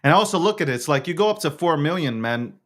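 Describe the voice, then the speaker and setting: A man's voice: on the high side, lively intonation, quick pace, fairly bright tone. A man hosting his own show, talking in a casual, slangy monologue with lots of stammered restarts. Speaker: show host.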